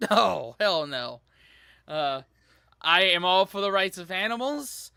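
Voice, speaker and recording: An American man hosting a reaction video, chatting casually in a hesitant, halting way. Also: sits high, lively intonation, creaky, pushed and bright, clear, resonant tone, no echo, studio quality. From United States. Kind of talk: casual chat.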